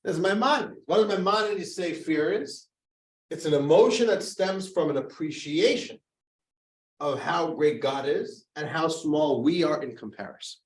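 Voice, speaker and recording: A man's voice: a little high, moderate pace. A male rabbi teaching an adult class. He talks conversationally, asks rhetorical questions and slips in jokes.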